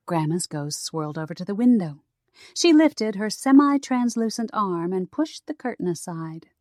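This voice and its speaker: A woman narrating an audiobook in a measured storytelling manner. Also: lowish voice, expressive, mellow, no echo, clean studio sound. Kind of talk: scripted narration.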